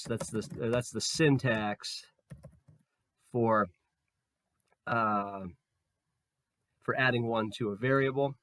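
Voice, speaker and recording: A programming tutor with a medium-pitched voice, slightly hoarse and losing it, explains code in a screen-recorded tutorial. He talks relaxedly as he works, using fillers and restarting sentences.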